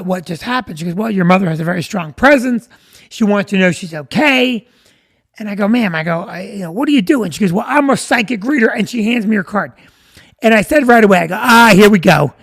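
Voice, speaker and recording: A man's voice: high-pitched, fairly bright tone. A middle-aged man, a comedian telling stories to viewers on a live stream, rambling and stopping to greet people by name. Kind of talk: casual storytelling to viewers.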